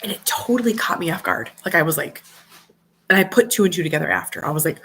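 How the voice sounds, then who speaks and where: A woman's voice: lowish voice, fast talker, gravelly, a bit bright, breathy edge. A woman in her thirties with a slight cold, chatting earnestly and casually to viewers in a home livestream. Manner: earnest, heartfelt, rambling. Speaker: mom vlogger.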